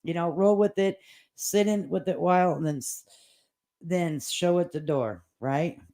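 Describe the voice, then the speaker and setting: A woman's voice: fairly low pitch, measured pace, mellow. A woman hosting a casual livestream and reading viewer comments aloud. She talks in a chatty way, laughs often and swears casually.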